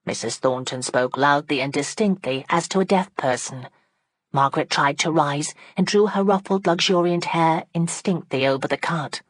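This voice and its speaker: Woman narrator, lower register, steady and measured, dry close recording. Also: no echo. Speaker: audiobook narrator. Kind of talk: scripted narration.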